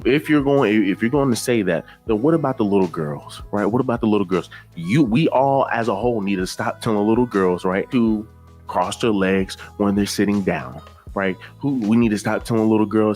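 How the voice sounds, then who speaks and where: A man's voice: on the low side, expressive, normal speed, darkish tone, faint music behind. A man hosting his channel, talking to viewers in casual reaction commentary and tagging nearly every phrase with "right" and "man.". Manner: repeats "right" and "man" constantly, conversational.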